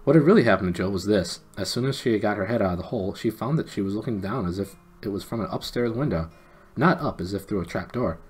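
A man's voice: lowish voice, expressive, fast talker, slightly rough. A man reading a children's novel aloud on a livestream in a casual way, with stumbles and asides. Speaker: reader.

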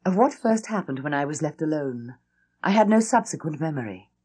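Brief: woman audiobook reader, lowish voice, very animated, intense dramatic narration. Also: fairly quick, husky. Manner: intense, expressive storytelling.

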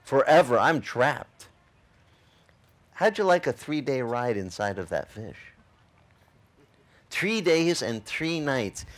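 A male pastor preaching a sermon in a casual, joking way, full of rhetorical questions to the congregation. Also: mid-range voice.

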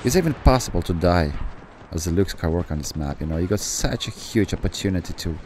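Man, very deep voice, gaming commentary, excitable, swears and apologizes, rambling asides, faint background hiss. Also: fast talker. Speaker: gameplay commentator.

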